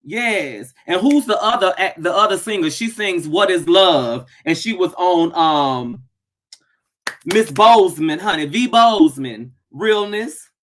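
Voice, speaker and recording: Lively woman hosting a live chat. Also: fairly low pitch, a little slow, a little hiss or hum. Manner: animated, greets viewers by name, bursts into excited shouts. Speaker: host of a live stream. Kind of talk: casual chat. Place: home office.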